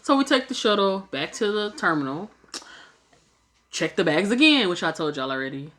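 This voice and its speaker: Young woman vlogger, low pitch, bright edge, animated delivery, salty casual storytelling. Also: moderate pace. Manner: animated, swears freely, acts out quotes. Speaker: vlogger telling a travel story.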